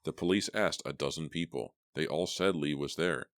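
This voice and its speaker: Guy doing a patient dad, very deep, dry audiobook sound. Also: no room sound. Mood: calm. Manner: measured and patient. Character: calm, matter-of-fact middle-aged father.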